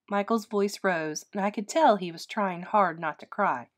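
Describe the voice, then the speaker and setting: A woman reading a children's ghost story aloud in an expressive storytelling voice. She paces the narration gently and shapes each sentence for young listeners. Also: medium pitch, unhurried, few pauses.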